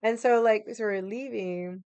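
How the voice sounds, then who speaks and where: A woman's voice: mid-range voice, a little slow, a little mellow, clean tone, dry recording. Chatty swearing woman telling a story. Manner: chatty, swears a lot, many fillers. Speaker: livestream host. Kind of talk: casual storytelling to a live chat. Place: home room.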